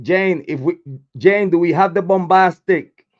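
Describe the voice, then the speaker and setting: A hoarse man runs his true crime livestream in a slow, drawn-out delivery that sits fairly high for a man. He curses constantly and repeats hype chants to his chat. The audio comes through a dull, lo-fi desk mic. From Puerto Rico. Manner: profane, repetitive hype chants. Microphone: desk microphone, camera off.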